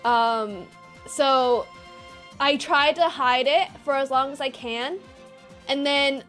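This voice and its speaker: A woman's voice: sits high, slow, over loud music. A young woman in her twenties, a streamer, telling a story to her chat in a rambling way, often repeating herself.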